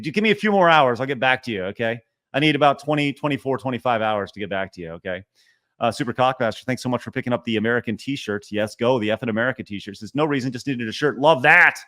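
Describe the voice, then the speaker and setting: A man's voice: mid-range voice, fast, a bit bright. A man on a casual livestream reading out viewer donations and chat messages, protesting in mock refusal while thanking each donor. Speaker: streamer reading super chats.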